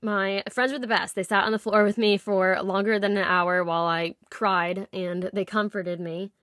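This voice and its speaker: A woman's voice: medium pitch, fairly even intonation, normal speed, a bit bright, no room sound, studio quality. A woman in her twenties hosting a podcast, telling a personal story in a candid, confessional way with light laughs. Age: 20s. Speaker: podcast host.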